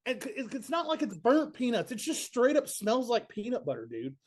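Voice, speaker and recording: Chatty Southern man, higher voice. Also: huge pitch swings, fairly quick. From Kentucky. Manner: laid-back, chatty storyteller, says "man" and "dude" a lot. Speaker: band bassist, guest. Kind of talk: casual interview chat.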